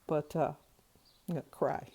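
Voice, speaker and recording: A chatty older woman rambles through her day in a casual vlog, her voice sitting low and sounding mellow. The recording is dry and close to the mic. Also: steady tone, normal speed, vocal fry, slightly rough, dry recording. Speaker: vlogger.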